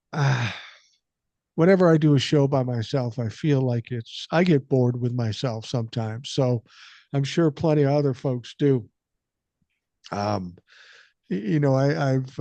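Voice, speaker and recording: A man's voice: medium pitch, warm tone, dry recording, lo-fi sound. An older man hosting a podcast, talking casually and bluntly with lots of swearing, a bit under the weather with a cold. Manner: blunt, profane, storytelling. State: has a cold. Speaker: podcast host.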